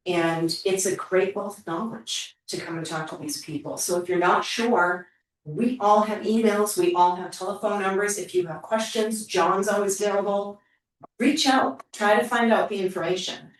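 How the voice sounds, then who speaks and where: A woman board member speaking in a practical, encouraging way at a town meeting. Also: fairly low pitch. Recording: echoey hall, far from the mic.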